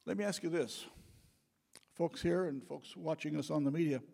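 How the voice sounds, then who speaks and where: A male pastor delivers a sermon from the front of a church sanctuary. His voice is slightly husky and sits a little high. It swells into booming, emphatic calls, and long hall reverb trails behind every phrase. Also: normal speed, mellow. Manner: preaching with rising, booming emphasis.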